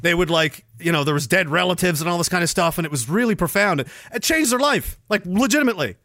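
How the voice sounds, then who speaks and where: A man's voice: high voice, expressive, fast, pushed and bright, dry recording. A man hosting a livestream, telling a story in a crude, joking way and laughing often. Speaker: podcast host. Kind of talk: casual livestream chat.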